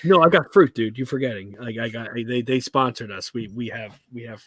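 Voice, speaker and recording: A man's voice: medium pitch, a little fast, no room sound, clean studio sound. A young man co-hosting a casual podcast, laid-back, stammering and swearing. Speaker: podcast co-host. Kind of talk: casual banter.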